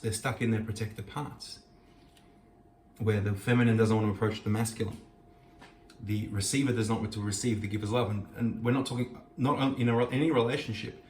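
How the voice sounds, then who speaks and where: A man with a lowish voice hosts a reflective Torah teaching, earnestly reading and explaining Hebrew verses from a scripture passage. He's in a kitchen, recorded with a distant mic in an echoey room. Slight background noise is audible.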